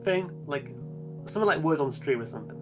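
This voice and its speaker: A woman co-streaming, chatting casually in a relaxed way with short replies. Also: low voice, fast. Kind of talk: casual chat. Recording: music playing clearly behind.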